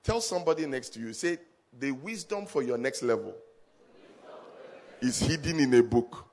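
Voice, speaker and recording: A middle-aged man, a pastor, preaching a sermon to a congregation, telling stories in a low voice and then rising to loud emphatic peaks, with call-and-response. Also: animated, normal speed, a little hiss or hum. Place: church service with a congregation.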